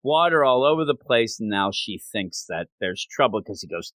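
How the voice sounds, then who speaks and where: A man's voice: fairly low pitch, sing-song, moderate pace, fairly bright tone, no room sound. A man hosting a manga review podcast in casual chat. He talks with animation and often slips into quoting characters.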